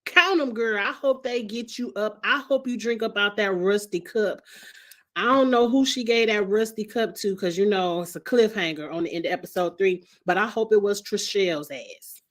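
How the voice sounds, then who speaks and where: Recapping a reality show at a moderate pace, a woman vlogs in a loose, animated style, addressing viewers head-on. Her mid-range voice carries plenty of slang and unfiltered cursing.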